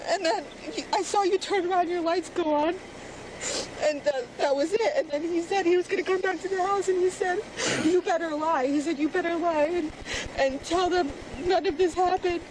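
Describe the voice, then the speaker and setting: A young woman crying while giving police a rushed, halting account, recorded outdoors on a body camera. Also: very high voice, steady tone. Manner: breathless, halting, rushed retelling. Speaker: crime victim giving a statement. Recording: noisy police bodycam audio.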